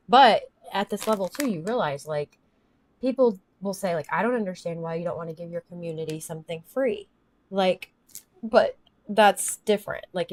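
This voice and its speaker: A woman's voice: on the low side, dry recording. A woman in her thirties, a livestreamer chatting candidly and emotionally about family life, rambling as she reads chat comments aloud. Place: home office.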